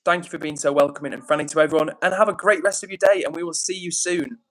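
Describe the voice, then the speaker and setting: An English man hosting a casual livestream, upbeat and chatty as he reads out comments and gives shout-outs. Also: a little high, fairly even intonation, quick pace, poor audio. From England. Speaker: livestream host.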